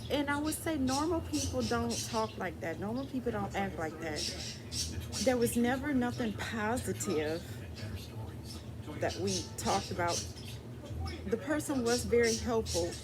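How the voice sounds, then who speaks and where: A woman's voice: fairly high pitch, lively intonation, unhurried, a crowd in the background. A woman talking candidly and ramblingly in a casual personal vlog to her viewers, asking them for advice. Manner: candid, rambling, dialect speech with restarts.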